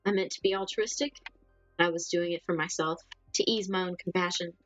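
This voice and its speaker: A woman voicing a fragile, lost female ghost in a game, reading slowly and quietly. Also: lowish voice, steady tone, dry recording, faint music behind, natural voice, rough recording. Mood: melancholy. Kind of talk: reading game dialogue aloud.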